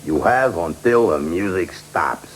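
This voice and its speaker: An actor playing a menacing, godfather-style male bank manager in a TV sketch, with a deep, slow, threatening drawl. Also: lively intonation, loud music behind the voice. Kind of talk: 1980s TV sketch comedy. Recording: noisy old TV broadcast.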